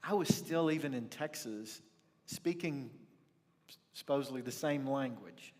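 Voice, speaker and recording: A man preaching a sermon as the church's pastor, telling a personal story with reflective pauses. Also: medium pitch, darkish tone. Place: church sanctuary. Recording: church livestream with long hall reverb.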